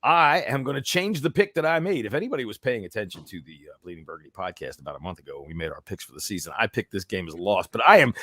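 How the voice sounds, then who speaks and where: A man's voice: lowish voice, big pitch swings, fast, hardly any pauses, fairly bright tone, no room sound. A man hosting a sports podcast in casual chat, his voice worn from cheering, rambling and swearing freely. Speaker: podcast host.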